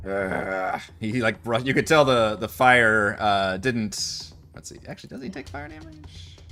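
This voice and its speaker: A man's voice: fairly low pitch, lively intonation, measured pace, sharp tone, soft background music. A man narrating a tabletop role-playing game as dungeon master, in a casual, chatty way with plenty of fillers.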